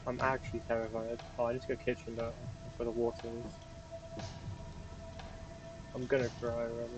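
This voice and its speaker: A man's voice: mid-range voice, completely flat delivery, normal speed, over music, poor audio. A man giving jumpy, swearing commentary while playing a horror game, talking to himself nervously. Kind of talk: let's play commentary.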